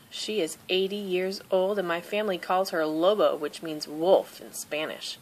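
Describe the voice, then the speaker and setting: Woman gently reading a children's book. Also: lowish voice, fairly even intonation, moderate pace, hardly any pauses. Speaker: storybook reader. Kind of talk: children's picture book read-aloud.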